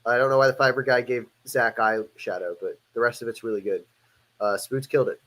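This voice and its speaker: A man's voice: medium pitch, steady tone, fairly quick, a bit bright. A man hosting a livestream, talking casually about his music in a loose, rambling, profane way with frequent restarts. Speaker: host and musician.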